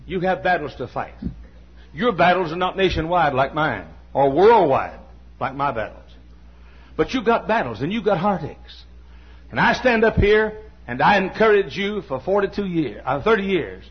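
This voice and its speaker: An older male pastor delivers an impassioned sermon, circling back to the same phrases and climbing into shouts. His voice sits high for a man and has a husky edge. The recording is dull and lo-fi. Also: lively intonation, moderate pace. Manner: impassioned preaching, repetitive, rising to shouts.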